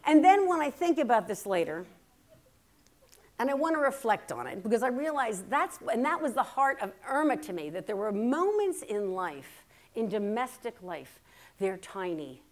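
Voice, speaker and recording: A woman in her fifties giving a humorous keynote talk, telling family stories and acting out the quotes. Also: mid-range voice. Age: 50s. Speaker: keynote speaker. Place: conference hall before a live audience.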